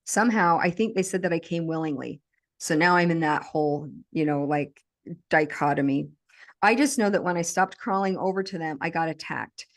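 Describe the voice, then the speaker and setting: A woman with a fairly low voice, speaking as a podcast guest. She relives a traumatic memory aloud in vivid present tense, with steady intensity. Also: moderate pace.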